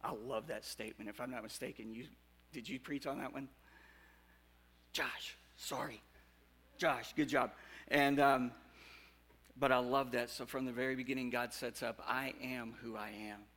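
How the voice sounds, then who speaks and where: Male preacher, gravelly edge and bright tone, chatty sermon that jumps from loud and animated to hushed and earnest. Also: medium pitch, normal speed, pauses often. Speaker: pastor.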